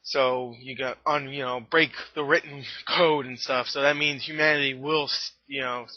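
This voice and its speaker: A man's voice: medium pitch, steady tone, normal speed, dry recording. A tired, slightly out-of-breath man rambles through a casual movie review, laughing and restarting his sentences. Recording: dull lo-fi webcam audio.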